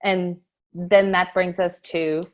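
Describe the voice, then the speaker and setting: A woman leading an online sales training, talking through her table pitch in a brisk, chatty way and acting out what she says to customers, heard over a video call. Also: flat delivery. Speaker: essential oils sales trainer. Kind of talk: casual screen-share training talk.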